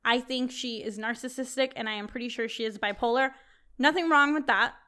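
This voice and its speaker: Young woman co-host, fairly high voice, animated storyteller, swears a lot. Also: fairly quick, clean tone. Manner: animated, swears freely, laughs often. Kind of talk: casual storytelling chat.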